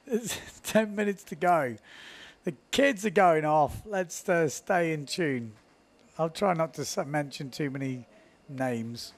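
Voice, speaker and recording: A man's voice: a little high, slow, pauses often. Chatty self-mocking male sports commentator. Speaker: windsurf commentator.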